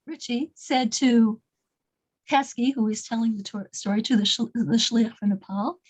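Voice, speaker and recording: Woman storyteller, high-pitched voice, halting delivery, lots of repeated words, casual small-group class. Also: steady tone, a little mellow, poor audio. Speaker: class leader telling a story.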